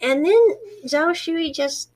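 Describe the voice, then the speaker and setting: Woman, slightly high voice, chatty drama recapper, quiet quoted lines. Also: slow pace. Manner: chatty, animated storytelling, quiet quoted dialogue. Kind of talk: casual retelling of a drama plot.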